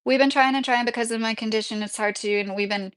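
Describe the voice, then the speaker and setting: A woman's voice: on the high side, steady tone, quick pace, a bit bright. A woman in her thirties chatting casually on a livestream, reading viewer comments aloud and laughing often. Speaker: YouTube livestream host.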